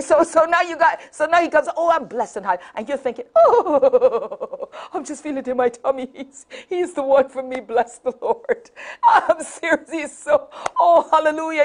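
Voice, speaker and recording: A woman with a Caribbean accent hosting a talk show, talking straight to viewers in a sassy, preachy, slangy way. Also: mid-range voice. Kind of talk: lively talk show monologue. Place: TV studio.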